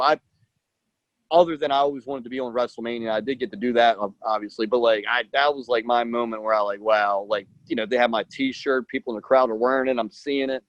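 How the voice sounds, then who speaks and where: A man's voice: mid-range voice, fast talker, no echo, dull audio. A male wrestler guest telling his story in a rambling casual way, acting out quotes with lots of "like". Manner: rambling, acts out quotes, many "like"s.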